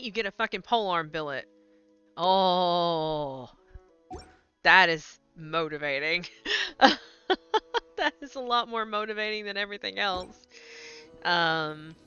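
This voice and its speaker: A woman streaming a video game, chatting casually into a desk mic, swearing freely and swinging between low mutters and loud excited yelps. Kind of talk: casual gameplay stream chat.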